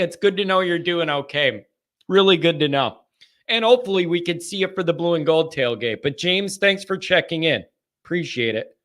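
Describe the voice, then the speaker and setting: Male call-in show host with a higher pitch and a sharp, forceful tone, animated and joking. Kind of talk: live call-in fan chat.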